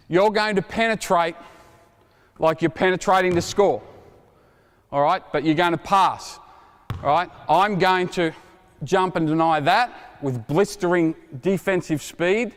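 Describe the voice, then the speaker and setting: A basketball coach in his 40s runs a coaching clinic demonstration on an indoor court, energetic and joking as he calls out drill instructions. His voice is a little high, and he speaks unhurriedly with frequent pauses. The gym hall is reverberant, with basketballs bouncing in the background.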